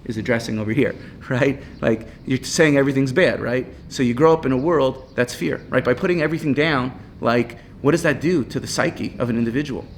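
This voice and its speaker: A man's voice: medium pitch, a little fast, a little hiss or hum. Male Torah teacher, informal class; chatty, keeps asking "right?", laughs easily. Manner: casual, peppered with "right?" and "you know"; reads Hebrew text aloud, then explains it in English.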